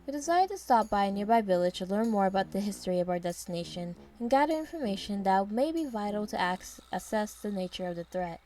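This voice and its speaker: A woman's voice: mid-range voice, expressive, quick pace, few pauses, dark tone. A woman narrating a first-person story in a descriptive, wry way.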